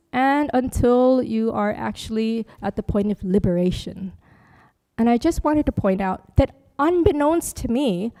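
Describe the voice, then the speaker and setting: A Buddhist nun with a fairly high, mellow voice gives a dharma workshop talk with slides. She keeps it chatty, tossing in joking asides and laughing often.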